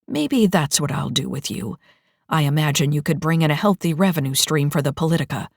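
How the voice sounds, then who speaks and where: A man's voice: on the high side, expressive, fairly quick, vocal fry, dry recording, studio quality. A woman reading an audiobook, voicing a cruel male dictator who speaks in a smug, taunting way. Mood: smug menace.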